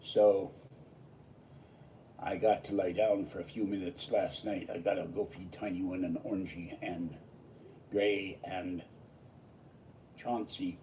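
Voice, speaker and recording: Tired man, low mellow voice, rambling vlog chat, distant mic with faint background. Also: steady tone, slow pace, pauses often, a little hiss or hum. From Pittsburgh, USA. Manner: digressive, jumping from topic to topic. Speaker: vlogger. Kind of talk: casual rambling monologue.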